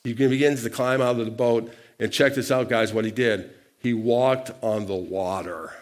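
A man preaching a sermon, asking the congregation questions and calling for responses, with loudness shifting for emphasis. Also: medium pitch, fairly even intonation, moderate pace. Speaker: pastor.

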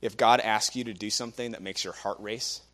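A man's voice: lowish voice, fairly even intonation, fairly quick, a bit bright. A young man preaching a sermon, telling stories animatedly and acting out the people he quotes. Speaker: guest preacher.

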